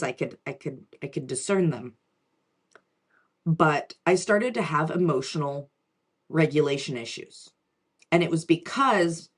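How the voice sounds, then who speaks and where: A woman in her forties, a spiritual reader, telling a personal story in a chatty way with frequent restarts and asides. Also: deep voice.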